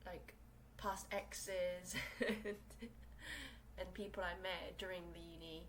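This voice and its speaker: A woman's voice: fairly low pitch, steady tone, slow, a little hiss or hum, rough recording. A young woman from South Korea who speaks English as a second language, hosting a casual solo podcast from her small room and rambling with lots of fillers and restarts. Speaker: podcast host.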